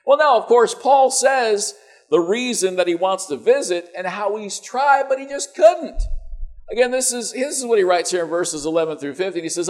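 A man preaching a conversational sermon to his church, joking in asides and checking in with "right?" and "you know". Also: high voice.

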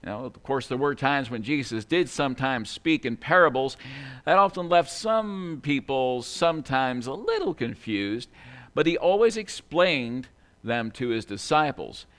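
A man's voice: medium pitch, expressive, unhurried, fairly bright tone. A man preaching a sermon in a church, earnest and conversational, often adding "you know" as he talks.

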